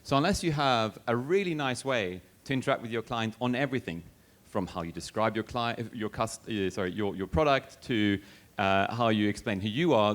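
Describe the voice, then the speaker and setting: A man from Sweden answering as a panelist on a conference stage, explaining in a measured way with small restarts. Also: medium pitch.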